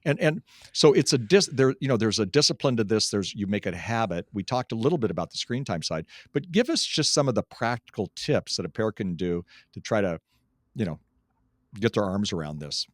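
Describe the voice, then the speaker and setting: A man hosts a podcast in a low voice, recorded dry and close to the mic. He is encouraging, affirms his guest often, and steers toward practical questions. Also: lively intonation, fairly quick, dry recording. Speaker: podcast host. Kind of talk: conversational podcast interview.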